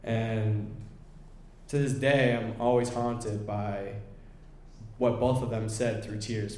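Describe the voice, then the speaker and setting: A man's voice: fairly low pitch, fairly even intonation, takes it slowly, pauses often, a little mellow, roomy sound. A young man candidly telling a self-deprecating personal story, acting out what people said.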